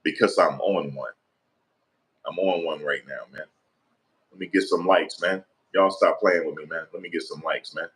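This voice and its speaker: A man doing casual vlog commentary, animated and slangy, repeatedly pleading with viewers for likes. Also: very deep voice, moderate pace. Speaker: online commentator.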